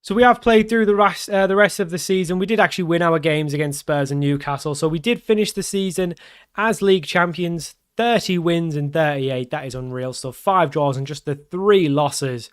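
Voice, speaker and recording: A man's voice: a little high, moderate pace, clean tone. A man commentating live on his football management game, swinging from pleading to groaning. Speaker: gaming YouTuber.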